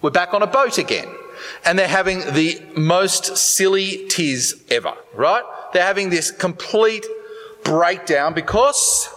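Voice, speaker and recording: A man preaching with a lively voice that rises and falls a lot, sitting a little high for a man. He talks straight to his listeners, and his words ring out with a long echo in the hall. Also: a little slow. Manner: animated, conversational preaching with asides to listeners. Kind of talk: sermon.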